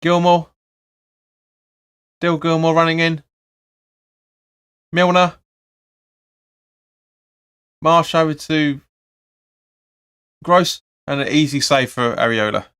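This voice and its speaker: Smooth-voiced man commentating live. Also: on the high side, steady tone, slow pace, pauses often, fairly bright tone. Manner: chatty play-by-play, reads viewer comments, blunt opinions. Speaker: fan channel host. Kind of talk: live match watch-along commentary.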